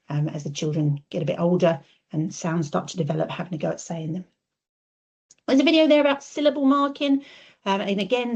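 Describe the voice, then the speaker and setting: A woman's voice: on the low side, mellow. A woman speech and language therapist giving a webinar, explaining step by step with frequent ums and modelling sounds in a sing-song voice. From United Kingdom. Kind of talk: webinar presentation. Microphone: video call. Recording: dull lo-fi webinar audio.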